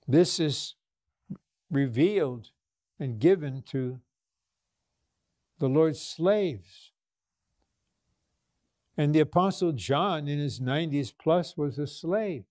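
A man's voice: a little high, mellow, no room sound, studio quality. A man delivering a sermon to a congregation, speaking earnestly and posing rhetorical questions, with small restarts. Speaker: minister.

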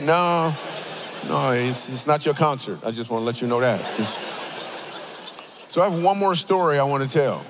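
A man preaching a comedic sermon in a church auditorium, telling stories with animated, playful asides. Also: mid-range voice, normal speed, pauses often, background noise. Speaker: guest speaker.

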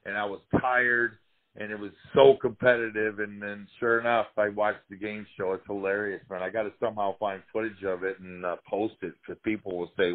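A man, a former fighter, telling wild career stories in a casual, profane, animated way. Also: lowish voice, a little fast. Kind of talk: casual storytelling interview. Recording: tinny phone-like line.

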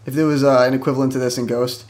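A man giving casual commentary over his own gameplay, excitable, swearing and yelping when the action spikes. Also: medium pitch, rapid-fire. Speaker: gaming YouTuber. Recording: game noise behind voice.

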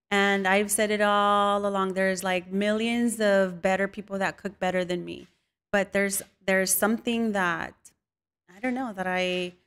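A woman in her thirties, a chef guest in a casual interview, telling stories with lots of laughter and acting out what people said. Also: medium pitch. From Mexican roots. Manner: animated storyteller, laughs often, acts out quotes. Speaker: guest, chef and content creator.

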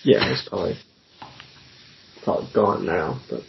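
A man's voice: sits low, animated, moderate pace, gravelly, highs cut off, noisy background. A man, a podcast co-host in casual chat, with dry humor who often stammers and hesitates.

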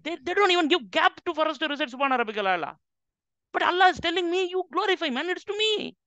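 A man's voice: extremely high pitch, gravelly, sharp tone, dry recording. A man teaching on the Quran, emphatic and full of rhetorical questions to his audience. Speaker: Islamic teacher. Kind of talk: lecture on the Quran. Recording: dull lo-fi dry recording.

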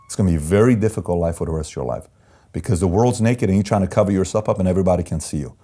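A man's voice: deep voice, racing, mellow. A man speaking as an interview guest, telling personal stories in an emphatic, candid way and repeating phrases for effect. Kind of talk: candid conversational storytelling.

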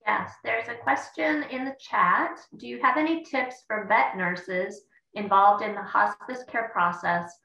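A woman's voice: medium pitch, sharp tone. A woman moderating a webinar, reading out audience questions from the chat. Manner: brisk, reads questions with a slip. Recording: dull, echoey, distant call audio.

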